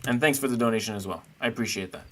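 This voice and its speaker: A man's voice: medium pitch, very fast, a bit bright, soft background music. A man streaming live, chatting casually and playfully with his viewers while he rates chess games. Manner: chatty, playful, thinks aloud while searching.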